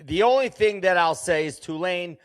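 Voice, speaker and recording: A man's voice: sits high, normal speed, clear, resonant tone, no echo, clean studio sound. Blunt, profane male betting co-host. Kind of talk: casual sports betting chat.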